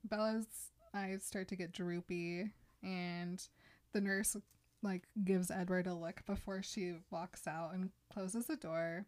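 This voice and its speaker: A woman co-hosting a casual podcast, retelling a book's scenes in an animated, laugh-filled way. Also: fairly low pitch, slow pace. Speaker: podcast co-host. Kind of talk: casual chat retelling a book.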